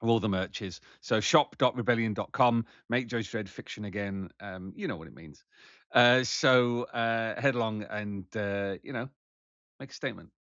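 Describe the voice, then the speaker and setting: A man's voice: on the low side, moderate pace, fairly bright tone, dry recording, dull audio. A man co-hosting a casual podcast, rambling with lots of fillers and restarts. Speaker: podcast co-host.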